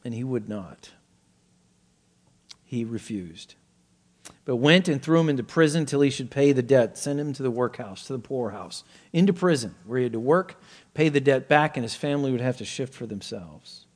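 A man's voice: expressive, moderate pace. Man preaching, acting out the quoted pleas. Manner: expository preaching, acting out quoted pleas with sudden jumps in pitch and loudness. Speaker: pastor. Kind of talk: sermon.

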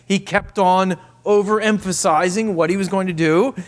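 A man preaching a sermon as pastor, emphatic and repetitive, sometimes dropping to soft asides. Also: high voice, normal speed, few pauses.

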